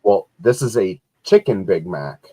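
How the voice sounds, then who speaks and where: A man's voice: low-pitched, sing-song, measured pace, mellow, no room sound, rough recording. A man co-hosting a casual live-stream chat, telling everyday stories in an easygoing way. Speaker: co-host.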